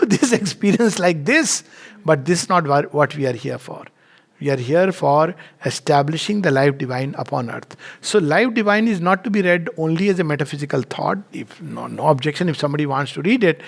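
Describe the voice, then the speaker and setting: A man giving a reflective spiritual talk, telling anecdotes in an unhurried way and chuckling often. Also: a little high, gravelly.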